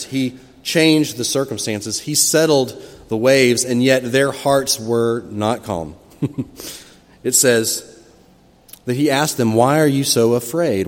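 A mid-pitched man preaches a sermon in a church, and his voice rings with a long hall reverb. He tells the story in a lively way and breaks into loud, high cries when he voices the people in it. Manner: expressive storytelling, acting out quoted cries with sudden loud rises. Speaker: pastor. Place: church sanctuary.

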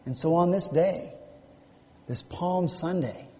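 Male pastor, Southern US accent, animated sermon storyteller, long hall reverb. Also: high voice, slow. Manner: animated storytelling, acts out quoted speech. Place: church sanctuary.

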